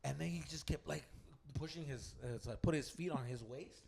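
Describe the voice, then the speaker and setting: A man on a podcast, telling a fight story in casual, profane talk, mixing in Spanish slang and loudly acting out the people in it. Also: a little high, brisk, creaky, slight background noise. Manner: animated, profane, mixes Spanish slang, acts out voices loudly. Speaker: podcast co-host. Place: green room of a comedy club.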